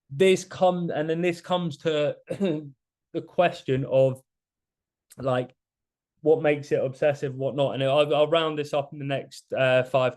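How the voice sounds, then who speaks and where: A man's voice: mid-range voice, a little mellow. A young man coaching a group on diet and mindset, talking loosely and casually with many restarts and the odd swear word. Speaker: fitness coach. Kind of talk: live group coaching session.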